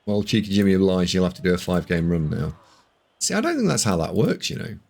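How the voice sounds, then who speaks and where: A man's voice: sits low, sing-song, fast talker, vocal fry, darkish tone. A man streaming a board game live, bantering and teasing with his chat in casual commentary.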